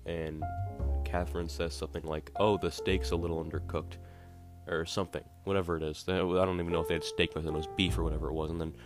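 A man's voice: extremely low pitch, little pitch movement, rapid-fire. A man casually retelling a play in a rambling, wry way, often correcting himself. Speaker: podcast host. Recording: guitar music playing behind.

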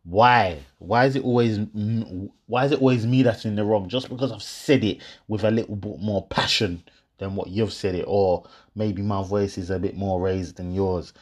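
A young man with a lowish voice, talking straight to his viewers. He tells a story about a row with his partner and laughs through it. He plays both sides of the argument in an animated way. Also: moderate pace. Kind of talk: casual monologue to viewers.

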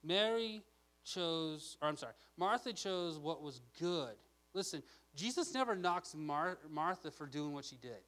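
A man's voice: a little high, lively intonation, measured pace, fairly bright tone, poor audio. A man preaching a casual, chatty sermon, often checking in with "okay?".

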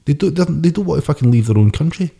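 A man's voice: a little high, animated, racing, gravelly, mellow, slightly rough. A man co-hosting a podcast, chatting and ranting about boxing with lots of swearing. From United Kingdom. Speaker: podcast co-host. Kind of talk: casual boxing chat.

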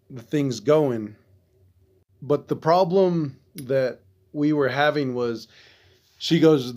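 A man's voice: mid-range voice, darkish tone. A man from Arizona hosting a veterans podcast, telling a story casually with loose, profane, frustrated asides.

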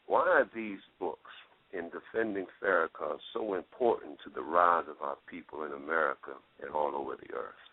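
A man hosting a radio interview, backing up his guest and putting steady questions to him. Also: extremely low pitch, moderate pace, no echo. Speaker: radio show host. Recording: phone-line audio.

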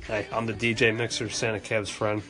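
A goofy DJ mixer sidekick , put on by a man, drops low and then jumps to a squeaky high note. Light music plays softly underneath. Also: little pitch movement, fairly quick, natural voice. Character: jokey male DJ mixer sidekick.

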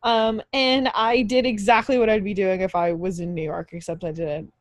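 A woman's voice: mid-range voice, little pitch movement, a little fast, dry recording. A young woman co-hosting a podcast, chatting enthusiastically about her week with jokes and laughs. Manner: bubbly, enthusiastic, jokey. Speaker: podcast co-host. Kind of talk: casual chat.

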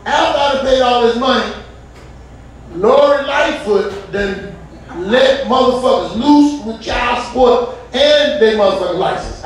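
A male stand-up comedian telling a loud, profane story with bursts of shouting. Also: high-pitched, slight background noise. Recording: echoey room, distant mic.

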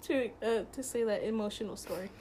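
A woman's voice: fairly high pitch, fairly quick, warm tone, a little hiss or hum. A young woman co-hosting a podcast, chatting casually, laughing a lot and teasing. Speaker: podcast co-host. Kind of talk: casual chat.

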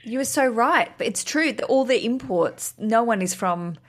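A woman's voice: on the high side, lively intonation, normal speed. A woman hosting a wedding-planning podcast, chatting playfully and laughing easily with her guest. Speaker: podcast host. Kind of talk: casual interview chat.

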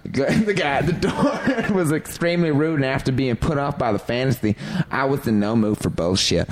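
A man's voice: medium pitch, background noise, natural voice. A man voicing a fussy, annoyed female reviewer from Toronto, with a put-on Canadian accent and a mock-prissy reading.

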